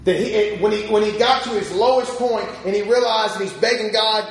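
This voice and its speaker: A man preaching a sermon, telling a story with pauses and repeated words, swinging from loud to soft. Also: high-pitched, very echoey, rough recording.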